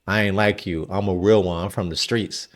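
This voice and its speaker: A man's voice: deep voice, fairly even intonation, normal speed, voice pushed down, lightly acted. A man voicing a brash, streetwise woman politician who holds a grudge and scolds in slang. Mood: defiant.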